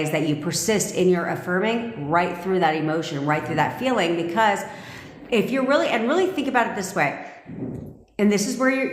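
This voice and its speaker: A woman manifestation coach on a live stream, talking bluntly and intensely with lots of swearing, repeating her points and answering viewer comments. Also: on the low side. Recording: echoey room with long reverb.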